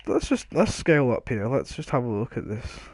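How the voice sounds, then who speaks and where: A man's voice: medium pitch, expressive, fairly quick, a little mellow, breathy edge, no echo. A man casually commenting on his own video game play, rambling and joking at himself, often trailing off mid-sentence. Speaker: gaming video host.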